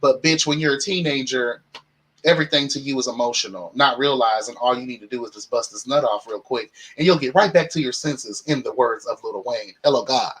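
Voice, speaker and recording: A young man hosts a casual talk show, spinning a story with flamboyant, sassy flair. His voice is bright and forceful, and it stays in a middle pitch. He keeps the delivery loose, animated and chatty. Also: brisk, slightly rough, poor audio. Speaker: podcast host.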